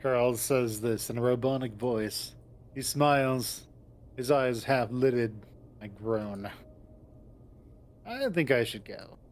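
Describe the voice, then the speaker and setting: A man's voice: mid-range voice, takes it slowly, long pauses. A man narrating a visual novel in the first person and voicing its lead, in a wry storytelling manner.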